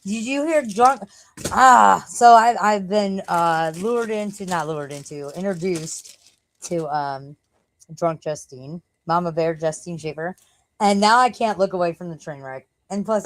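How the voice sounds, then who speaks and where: A woman's voice: lowish voice, unhurried, slight background noise, low-quality recording. A woman live streamer chatting casually from home, rambling and cursing freely.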